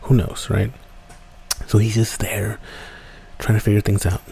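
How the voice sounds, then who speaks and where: A man casually telling a spooky woods story, rambling and dropping to hushed whispers at tense moments. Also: fairly low pitch, measured pace, vocal fry. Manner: relaxed, rambling, drops to hushed whispers for tension. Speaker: podcast storyteller.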